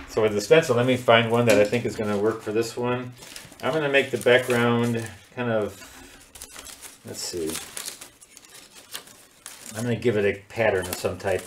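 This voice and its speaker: Man, art teacher doing a live paint-along, chatty and giggly, roomy echo with faint noise. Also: on the low side. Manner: chatty, laughs often, talks while working. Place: home studio. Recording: echoey room.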